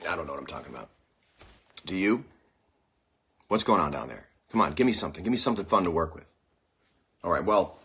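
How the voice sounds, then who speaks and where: A man's voice: low-pitched, fast, pauses often. A man hosting a casual livestream, rambling and joking through a monologue with a sore mouth. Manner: rambling, jokey and animated. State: sore mouth after dental problem. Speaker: host. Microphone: phone.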